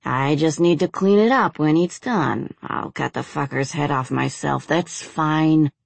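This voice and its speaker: Blunt, foul-mouthed crime boss voiced by a woman, low and dry, audiobook read. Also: measured pace, creaky, no room sound, full character voice. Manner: blunt, profane, argumentative. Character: hardened male crime boss, profane. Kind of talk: audiobook character voice.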